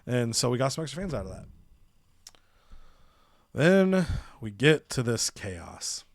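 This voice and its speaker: A gaming channel host narrates the story of his wrestling game, animatedly acting out the characters' lines. His mid-range voice is unhurried, and the recording is dry and studio quality.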